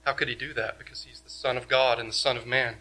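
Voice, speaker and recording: A male pastor preaching a sermon, emphatic, asking many rhetorical questions and swinging from loud to quiet. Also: mid-range voice, little pitch movement, fast talker.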